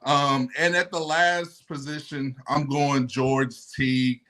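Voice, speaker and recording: A man co-hosting a sports talk show, laying out his picks in a relaxed, playful way. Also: medium pitch, slow pace. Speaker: podcast co-host.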